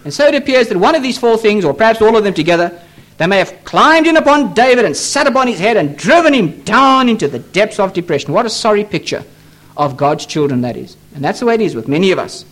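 Male pastor, very high pitch and lively intonation; emphatic, repetitive pulpit sermon. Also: quick pace. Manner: emphatic, repetitive preaching with pleading appeals. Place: church.

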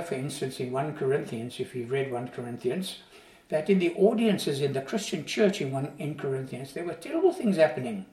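A man's voice: a little high, mellow. A man preaching a sermon, teaching earnestly and emphatically, with frequent rhetorical questions. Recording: roomy sound, voice from a distance.

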